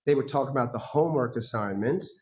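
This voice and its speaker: A man giving a talk as a guest speaker, telling personal stories in a lively way, acting out the voices of people he quotes and laughing often. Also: medium pitch, fairly quick. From United States. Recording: dull lo-fi recording.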